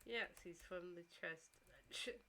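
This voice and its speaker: A woman's voice: lowish voice, moderate pace, sharp tone, a little hiss or hum. A woman co-hosting a casual live stream, giggling as she passes along viewers' comments. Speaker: streamer co-host reading chat. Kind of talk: casual Twitch stream chat.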